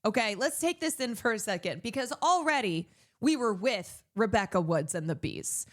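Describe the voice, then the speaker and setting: A woman's voice: on the high side, animated, moderate pace, fairly bright tone. A woman streamer reads a news story aloud in casual commentary. She keeps breaking off into heated, profane remarks of her own. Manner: profane, indignant.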